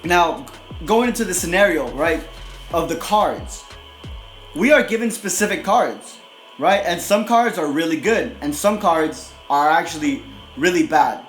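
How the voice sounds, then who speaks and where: A man with a high voice talks in a blunt, aggressive, profane way, tagging "right?" onto nearly every line. His casual motivational monologue is recorded in an echoey room. Faint music plays behind him. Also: lively intonation, measured pace, a bit bright. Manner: profane, repeats "right?" constantly. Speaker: motivational video host.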